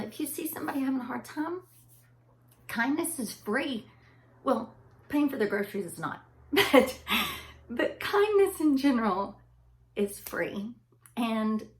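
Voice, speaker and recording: A woman's voice: fairly high pitch, vocal fry, a little hiss or hum. A woman telling a personal family story to her viewers, heartfelt and emotional, with a loose, rambling delivery full of fillers.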